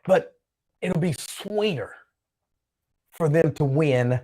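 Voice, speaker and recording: A man with a slightly high but dark-toned voice hosts his own show at a slow pace, sounding animated. He chats solo in a rambling, repetitive way while reading out comments from viewers.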